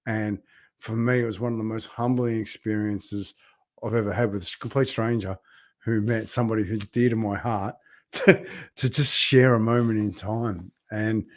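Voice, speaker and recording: A man's voice: lowish voice, fairly even intonation, normal speed, dry recording, clean studio sound. A middle-aged man talking in a heartfelt, rambling way on a casual live video diary, laughing often and greeting viewers by name. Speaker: vlogger and builders' coach.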